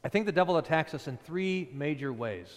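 A man's voice: a little high, animated, fairly quick, long reverb tail. A man preaching a sermon as a pastor, emphatic, with rhetorical questions and rises in stress.

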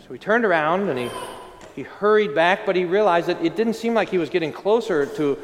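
A man's voice: high-pitched, lively intonation, fairly quick, big-room sound, a little hiss or hum. A man preaching as a pastor in a church, telling a story with animation and speaking earnestly. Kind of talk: sermon.

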